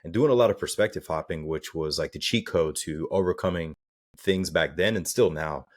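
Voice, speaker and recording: Very low-voiced Southern-raised man, earnest life coach on an interview. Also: fairly quick. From American South. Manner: earnest, acts out quoted people for effect. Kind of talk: casual interview talk.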